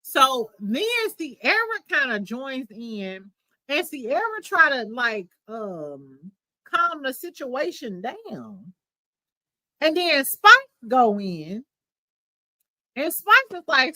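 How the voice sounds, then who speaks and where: A woman's voice: fairly high pitch, big pitch swings, slow pace, bright, forceful tone, no echo, rough recording. A woman hosting a podcast, recapping reality TV in casual, profane, gossipy chat. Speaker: podcast host.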